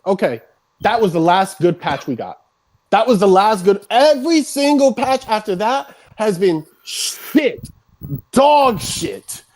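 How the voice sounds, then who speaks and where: A streamer on a heated rant who swears constantly and builds up into shouting, voice starting to crack. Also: medium pitch, lively intonation, slow.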